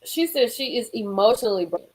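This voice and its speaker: Animated woman streaming from a car. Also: quick pace, low-quality recording. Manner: animated, swings into high exclaims and drops to murmurs. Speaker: live stream host reading celebrity gossip and chat. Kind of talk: casual live-stream chat.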